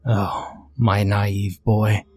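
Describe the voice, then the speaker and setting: A sly, scheming demon mother, as a man puts her on. The voice is low and husky with a cold, condescending calm. She sounds quietly menacing. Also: very slow.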